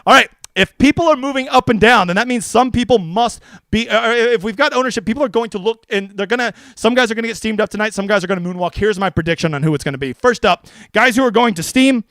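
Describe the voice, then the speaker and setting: A man streaming fantasy golf picks in casual livestream commentary, brash and profane, excitable and jokey. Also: high voice, fast, dry recording. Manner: excitable, with mock voices.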